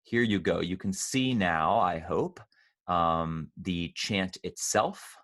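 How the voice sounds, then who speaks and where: A man leading an online choir rehearsal, patiently explaining pronunciation and slowly demonstrating sounds. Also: sits low, animated, a bit bright. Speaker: choir director.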